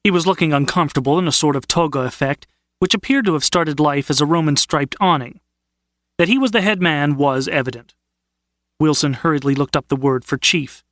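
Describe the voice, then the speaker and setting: A man narrating an audiobook in a measured, steady storytelling manner. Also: fairly high pitch, no echo, clean studio sound. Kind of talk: scripted narration.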